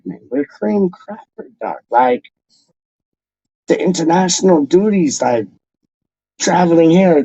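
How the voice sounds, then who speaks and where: A man's voice: on the high side, creaky, dark tone, no room sound. A man hosting a football fan channel, chatting casually and loosely, calling the listener "dog" and "man". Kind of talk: casual rambling chat to camera. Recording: dull lo-fi dry sound.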